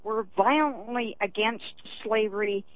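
A woman's voice: mid-range voice, measured pace, no room sound. A woman calling into a radio show, speaking emphatically with hesitant ums. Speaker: caller. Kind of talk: phone-in call. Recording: tinny phone line.

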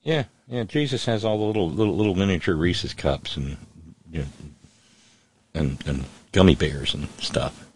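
A man's voice: low voice, normal speed, husky. A man hosting a call-in radio show, talking casually with wry, sardonic asides.

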